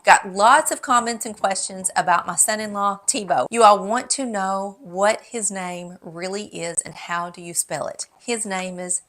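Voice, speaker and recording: A woman's voice: medium pitch, unhurried, few pauses. A middle-aged woman with a Southern drawl talks straight to her viewers, chatty and friendly, dropping the odd "y'all". It sounds like a casual home vlog recorded at her desk. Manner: chatty and warm, says "y'all". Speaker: lifestyle YouTuber. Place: home office.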